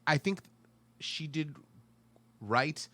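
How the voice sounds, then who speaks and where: A man's voice: fairly high pitch, animated, extremely slow, sharp tone. A man co-hosting a film podcast, talking casually and acting out his own reactions with exclamations. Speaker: podcast co-host.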